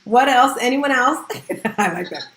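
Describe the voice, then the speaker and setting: A woman's voice: sits high, lively intonation, measured pace, a bit bright, reverberant, slight background noise. A woman hosting a casual online audio room, upbeat and chatty, laughing often. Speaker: host.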